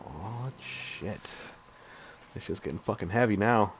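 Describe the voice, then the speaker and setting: A man's voice: fairly low pitch, measured pace, a little hiss or hum. A man live-streaming a game, chatting casually with viewers, swearing freely and talking to himself as he plays. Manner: chatty, profane, talks to chat while playing. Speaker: streamer playing a game and reading chat.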